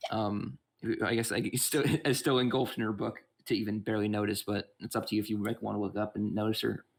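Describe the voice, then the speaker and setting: A man's voice: fairly low pitch, flat delivery, fast, creaky. Rambling man as game master. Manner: rambling, full of "like" and restarts. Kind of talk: narrating a tabletop game.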